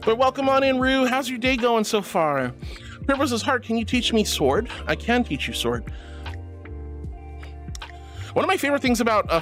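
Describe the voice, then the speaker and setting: Chatting with viewers on her livestream, a VTuber streamer is giggly and affectionate, with playful asides and pet names like sweetie and honey. For a woman, her voice is a touch deep, and her manner is bubbly throughout.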